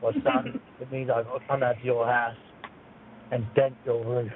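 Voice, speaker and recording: A man's voice: medium pitch, level tone, moderate pace, a little hiss or hum, natural voice. A man putting on a menacing Cockney caller. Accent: put-on Cockney. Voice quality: husky, mumbled. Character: threatening male Cockney caller, angry ex-boyfriend. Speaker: prank caller. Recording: tinny phone line.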